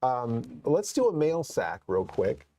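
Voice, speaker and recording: A man's voice: mid-range voice, big pitch swings, takes it slowly, noisy background. A man hosting a horror movie show, chatting casually on a live stream and rambling with many restarts. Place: studio set.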